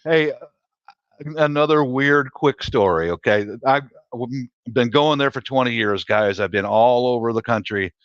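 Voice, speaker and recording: Middle-aged male storyteller, chatty and quick to laugh, dull lo-fi dry audio. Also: mid-range voice, smooth, no echo. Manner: laughs often at his own stories. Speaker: guest telling stories. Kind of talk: casual storytelling chat.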